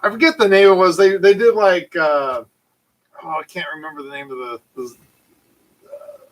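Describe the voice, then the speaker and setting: A man casually telling a long, animated story full of fillers and restarts. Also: sits high, normal speed, low-quality recording. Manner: animated, rambling anecdote with frequent fillers. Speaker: channel host.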